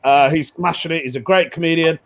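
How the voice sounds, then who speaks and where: A man's voice: fairly high pitch, steady tone, a little fast. A man hosting an online comedy show, chatty and jokey, laughing often. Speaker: host.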